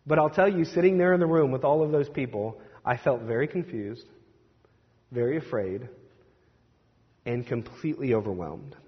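Guy preaching a story-sermon, husky voice, long echo, kinda dull lo-fi sound. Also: mid-range voice, normal speed, pauses often. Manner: animated storyteller, acts out quoted speech, hesitant restarts. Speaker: Presbyterian minister. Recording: distant reverberant hall, dull lo-fi sound.

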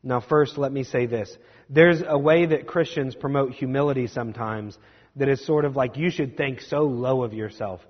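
A young man preaching a sermon as a pastor, conversational and self-deprecating, with quick asides. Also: mid-range voice, long reverb tail, lo-fi sound.

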